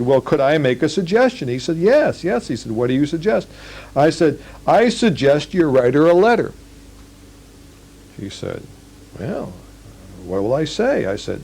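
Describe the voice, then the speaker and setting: Older man lecturing, mellow voice. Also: mid-range voice, poor audio. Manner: storytelling, acts out quoted lines. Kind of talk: live lecture with anecdotes. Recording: old 1980s lecture tape.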